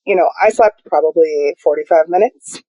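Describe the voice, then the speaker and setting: A young woman speaks candidly and quickly as she tells her own story, jumping in pitch when she acts out what others said. Her voice is low and mellow, and the recording is dry and close. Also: no echo, rough recording. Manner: animated, quick storyteller acting out quotes. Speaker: guest.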